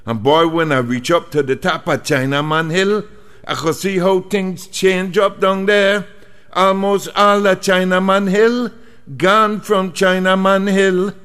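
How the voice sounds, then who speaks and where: A man's voice: sits high, measured pace, smooth. Indignant storyteller man. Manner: animated and indignant, exclaims a lot. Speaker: comic storyteller. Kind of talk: comic monologue in creole dialect. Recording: long hall reverb.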